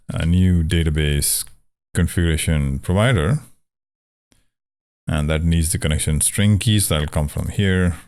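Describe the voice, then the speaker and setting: A man with a very low voice walks through code in a casual screen-share lesson. He thinks aloud as he goes, correcting himself often, with a wry, joking manner. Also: creaky, a little mellow. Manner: wry, joking about pronunciation. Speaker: programming tutor.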